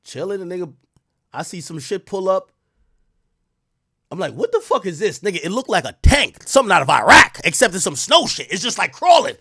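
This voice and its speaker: Young male host, high and very lively voice, slangy profane storyteller, dry close sound. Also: brisk, creaky, slightly rough, dry recording. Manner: animated, profane, slangy, swings from loud exclaims to low asides. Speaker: show host. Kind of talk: casual storytelling to viewers.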